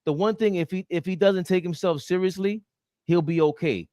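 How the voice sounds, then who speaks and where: A man co-hosting a casual sports podcast, talking in slangy, emphatic bursts with loud outbursts. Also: high voice, normal speed, no echo, studio quality. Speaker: podcast co-host.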